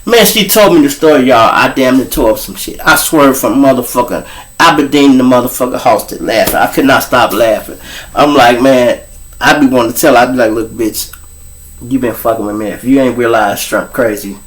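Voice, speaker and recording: A man's voice: mid-range voice, brisk. A middle-aged man with a Chicago accent, hosting his own show with a profane, casual storytelling monologue aimed straight at his listeners. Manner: profane, animated, talks straight to the audience. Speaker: show host.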